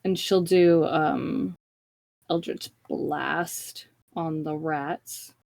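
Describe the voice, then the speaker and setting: A woman playing in a tabletop game, speaking in a hesitant, halting way with many fillers. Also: sits low, fairly even intonation, vocal fry, a little mellow, no echo. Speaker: player. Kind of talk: casual tabletop play.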